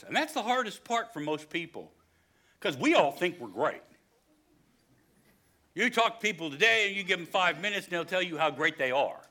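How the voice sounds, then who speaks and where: Here a pastor, an older man from West Virginia, preaches in his home-state accent with a high voice. His sermon shifts between hushed stories and emphatic, booming passages.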